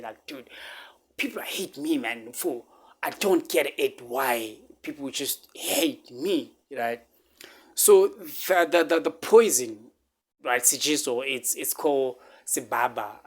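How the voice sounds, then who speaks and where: A man telling a personal story on his vlog, halting and repeating himself, close to tears. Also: medium pitch. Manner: halting, repeats words, fillers like "man" and "right?". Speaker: vlogger.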